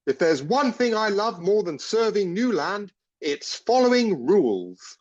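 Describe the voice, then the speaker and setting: A man voicing a keen young first-year soldier, bubbling with polite, old-fashioned cheer. His pitch bounces lively up and down. The sound is a touch dull and muffled, like a rough home recording. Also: unhurried, exaggerated voice. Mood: cheerful. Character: eager naive young male first-year recruit. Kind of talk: audio comedy acting.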